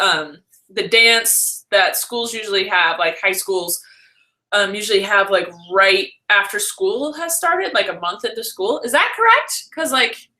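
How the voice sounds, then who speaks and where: Bright, chatty young woman vlogger. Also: fairly high pitch. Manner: chatty and rambling, heavy use of "like", quick self-corrections. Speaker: vlogger hosting a live stream. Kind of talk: casual live-stream chat answering viewers.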